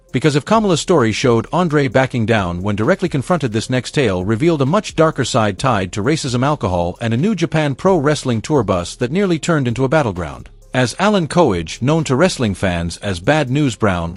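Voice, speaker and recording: A man's voice: mid-range voice, no room sound. A man giving scripted documentary narration, building suspense. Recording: dry voice-over over music.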